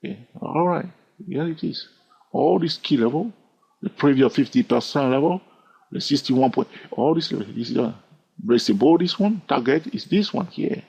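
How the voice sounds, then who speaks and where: A man's voice: mid-range voice, lively intonation, moderate pace, vocal fry, a little mellow, slightly rough. Chatty accented man teaching charts. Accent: non-native English. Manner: chatty, teasing, checks in with "all right?". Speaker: trading educator. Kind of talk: screen-recorded chart lesson. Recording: dull lo-fi sound.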